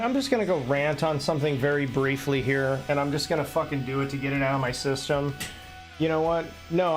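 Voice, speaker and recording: A man live-streaming an unscripted rant, blunt and heated, swearing constantly. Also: on the high side.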